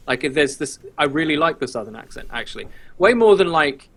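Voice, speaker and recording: A man from the UK in a casual podcast chat, with a voice pitched a little high. He is upbeat and chatty, leaning on filler words as he talks. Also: big pitch swings, a little fast, a bit bright.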